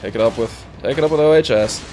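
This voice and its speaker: A man's voice: medium pitch, fast talker, a little mellow, a little hiss or hum. A man chatting casually over a video game, offering tips to his co-player and laughing easily. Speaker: let's play co-host. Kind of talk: casual gameplay commentary.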